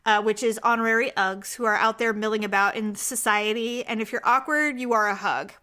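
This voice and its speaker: A middle-aged woman co-hosting a podcast, chatting casually and acting out quoted people in loud high voices. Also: fairly quick. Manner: animated storyteller who acts out quotes in high voices. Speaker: podcast co-host. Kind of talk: casual chat.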